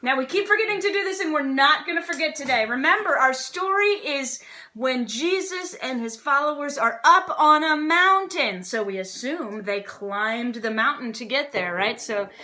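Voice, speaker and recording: A woman with a fairly high, sharply bright voice teaches a casual children's church lesson. She talks in a chatty, playful way and laughs easily as she explains. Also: animated, moderate pace. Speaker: Sunday school teacher.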